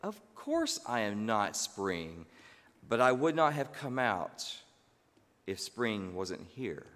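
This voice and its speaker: A cheerful, amused flower, voiced by a man explains things slowly in a storybook sermon. The delivery is calm and drawn out. A long hall reverb lingers after each phrase. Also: fairly low pitch, exaggerated voice. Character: laughing cheerful daffodil and mushroom.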